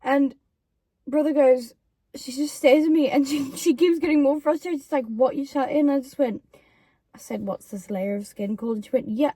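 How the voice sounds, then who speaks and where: A woman's voice: sits high, normal speed, warm tone, dry recording. A young woman telling stories about her friend in a casual chat, quoting her in put-on voices. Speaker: YouTuber co-host.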